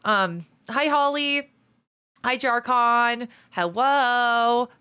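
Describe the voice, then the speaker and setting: A woman's voice: a little high, very slow, bright, forceful tone, clean tone. A chatty woman streamer talking casually with her viewers, greeting them one by one and swearing freely. Her voice sounds dry and close, with no room echo. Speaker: live streamer.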